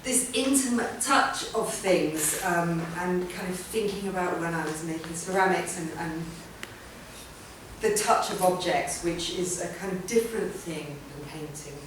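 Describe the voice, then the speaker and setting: A woman's voice: lowish voice, unhurried, noisy background. Woman speaking in an echoey hall. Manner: chatty, rambling, many ums and restarts. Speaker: artist giving a talk. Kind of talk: informal public talk. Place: event room or hall. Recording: roomy hall sound from a distant mic.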